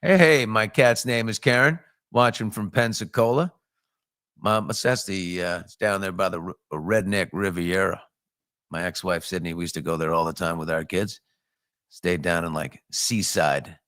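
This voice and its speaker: A man's voice: steady tone, normal speed, no echo. A middle-aged man hosting a casual morning show from a home studio, greeting viewers with bouncy, upbeat chatter. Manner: upbeat, shouting out viewers with jumps in pitch. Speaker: host.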